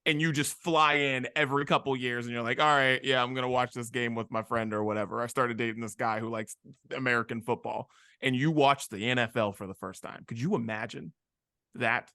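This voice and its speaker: A man co-hosting a podcast in casual chat, animated and acting out quoted reactions. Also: medium pitch, brisk, dry recording, clean studio sound. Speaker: podcast co-host.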